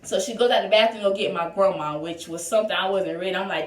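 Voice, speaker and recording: A young woman chats through a personal story for her vlog, loose and conversational, peppering it with "like" and "y'all". Her mid-pitched voice sits a little away from the mic, and the room around her echoes. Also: fast, hardly any pauses, recorded from a distance. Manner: chatty, lots of "like" and "y'all". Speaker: vlogger. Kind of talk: casual storytime.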